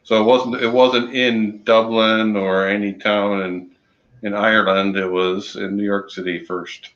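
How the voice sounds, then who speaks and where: A man co-hosts a relaxed trivia chat, talking slowly and stopping often with ums and uhs. His voice sits a little low. The recording is roomy and dull. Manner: slow, halting, many ums and uhs; corny jokes. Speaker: podcast co-host running trivia. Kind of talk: casual chat.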